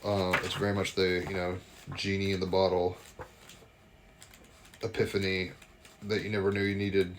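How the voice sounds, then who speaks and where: A man with a deep, low voice hosts a live tarot and astrology card reading. He talks in a loose, enthusiastic, rambling way, full of asides. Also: completely flat delivery, moderate pace, pauses often, background noise.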